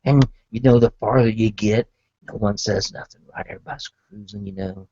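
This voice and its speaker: Man, comic storyteller, retro hip slang, husky voice, dull lo-fi dry recording. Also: lowish voice, steady tone, brisk, mellow. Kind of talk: rambling comic monologue.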